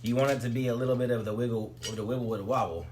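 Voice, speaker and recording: A man's voice: mid-range voice, fairly even intonation, racing, darkish tone, slight background noise. A man chatting loosely on a live stream while assembling hardware at home, joking and talking to his dog. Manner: rambling, loose, joking asides to chat and dog. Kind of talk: casual live-stream commentary while building.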